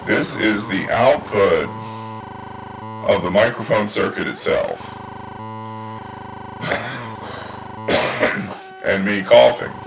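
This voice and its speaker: A man's voice: fairly low pitch, expressive, a little slow, gravelly, music in the background. A man at a home workbench giving a casual hands-on electronics tutorial, with wry asides while he tinkers, sometimes heard through his breadboard microphone circuit. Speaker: electronics hobbyist demonstrating a circuit. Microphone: desktop mic, at times heard through a breadboard circuit. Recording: circuit distortion and synth tones behind.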